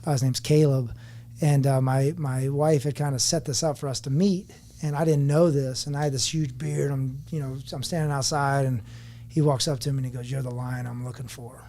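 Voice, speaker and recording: A man's voice: medium pitch, fairly even intonation, fairly quick, mellow. A man in his forties, a podcast guest, telling his story candidly in an earnest, reflective way. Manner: earnest and reflective, speaking openly about personal struggles.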